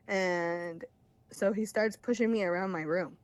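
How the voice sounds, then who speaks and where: A young woman calling in to tell a personal story in a candid, rambling way, with quick laughs between phrases. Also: on the low side, fairly even intonation. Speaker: caller sharing her story.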